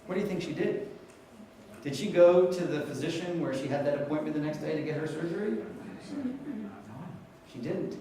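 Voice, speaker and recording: Guy from new york doing a keynote, lively storyteller, fairly high voice, big echoey hall, mic kinda far off. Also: moderate pace, long pauses. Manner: animated storyteller, asks the audience questions. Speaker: conference speaker.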